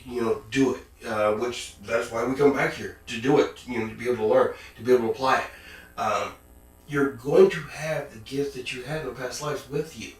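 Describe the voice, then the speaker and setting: A man's voice: mid-range voice, fairly even intonation, normal speed. Preachy man in an echoey room. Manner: preachy, rhetorical questions, folksy asides. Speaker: spiritual speaker. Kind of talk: spiritual talk. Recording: very echoey room, distant mic.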